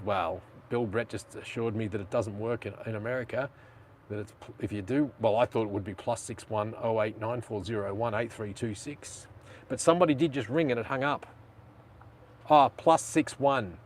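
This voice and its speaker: A man's voice: mid-range voice, fairly quick, slight background noise. A man with an Australian accent hosting a casual live stream, chatting and rambling in slang.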